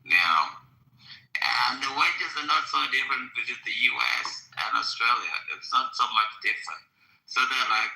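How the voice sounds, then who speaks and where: A man's voice: mid-range voice, normal speed, creaky, pushed and bright. Fired-up, profane man in a roomy space. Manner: emphatic, profane and repetitive. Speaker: podcast guest. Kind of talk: heated casual conversation.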